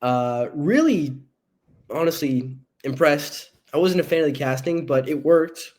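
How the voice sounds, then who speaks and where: Playful higher-voiced man chatting on a podcast. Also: animated, a little mellow. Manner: playful, boastful banter with quick asides. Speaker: podcast co-host. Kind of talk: casual movie podcast chat.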